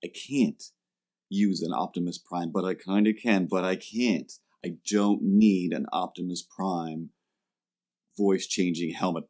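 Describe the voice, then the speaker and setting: A low-pitched man hosting a chatty podcast. He tells his story with comic energy and slips into playful voices for the people he quotes. His delivery stays loose, quick and jokey. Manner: animated, acts out quoted customers in jumpy voices. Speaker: podcast host. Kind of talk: comedic storytelling chat.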